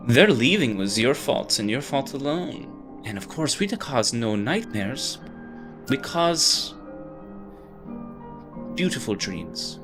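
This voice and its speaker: A man voicing a sultry, soothing woman who brings dreams, cooing and calling people honey. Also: mid-range voice.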